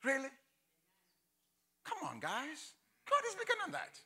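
A man's voice: very high voice, huge pitch swings, normal speed, bright, forceful tone. A man preaching a sermon with impassioned delivery and accented English, acting out Bible voices as he goes. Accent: non-native English. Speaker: pastor.

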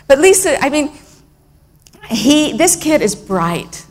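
A woman's voice: high-pitched, very animated, slow pace, pauses often. A middle-aged woman giving a missionary talk with slides, telling stories in an earnest, emotional way with fillers and restarts. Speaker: missionary speaker. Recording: long reverb in a hall.

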